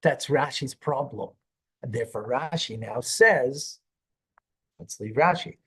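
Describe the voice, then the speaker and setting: A man's voice: medium pitch, unhurried, slightly rough. A man, a rabbi, teaching a Torah class, reading verses aloud, translating them and quizzing a student before explaining. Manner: questions the student and then explains.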